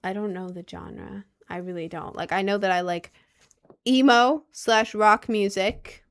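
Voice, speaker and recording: A young woman talks casually to her audience in a slow, unhurried way. She rambles and second-guesses herself, filling her speech with likes and restarts. Her voice sits at an ordinary middle pitch. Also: steady tone. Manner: rambling and unsure, full of "like" and restarts. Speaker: vlogger.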